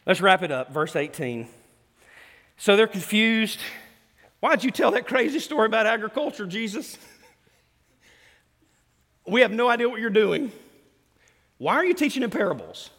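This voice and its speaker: Animated man preaching in a reverberant hall. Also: sits high, normal speed, pauses often. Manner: animated, swings between loud and hushed. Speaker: pastor. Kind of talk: sermon. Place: church hall.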